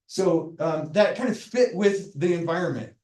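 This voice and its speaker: A man lecturing a class, loose and joking, tagging his points with "right?". His voice sits a little high for a man. He sounds set back from the mic, with the lecture hall's echo around him. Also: lively intonation, unhurried, darkish tone, recorded from a distance. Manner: casual, joking, tags sentences with "right?". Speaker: university lecturer. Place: lecture hall. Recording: echoey lecture hall, speaker off mic.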